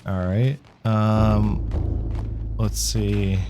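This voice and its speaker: Slow, low-voiced man playing a game. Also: level tone, muffled recording, background noise. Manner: casual, self-deprecating, reacts and apologizes for misreads. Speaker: gaming channel host. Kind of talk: let's play commentary, reading game text aloud.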